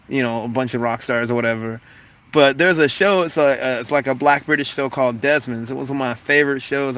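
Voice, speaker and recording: A man in his forties chatting casually on a livestream, laughing often and joking about doing accents. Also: a bit bright. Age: 40s. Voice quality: voice not very deep. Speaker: livestream host. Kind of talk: casual livestream chat reading comments.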